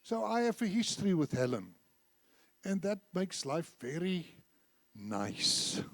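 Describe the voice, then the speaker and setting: A man in his seventies preaching a sermon in a church, an animated storyteller who acts out the dialogue. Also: high voice, moderate pace, no echo. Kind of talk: sermon with told anecdotes.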